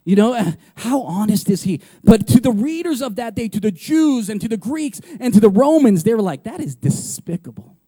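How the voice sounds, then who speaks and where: Guy preaching, really high voice but mellow, keeps repeating stuff, asks the crowd questions. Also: animated, fairly quick, hardly any pauses, no echo. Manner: emphatic, repeats words, asks rhetorical questions; shifts from loud and punchy to hushed. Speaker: pastor. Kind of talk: sermon.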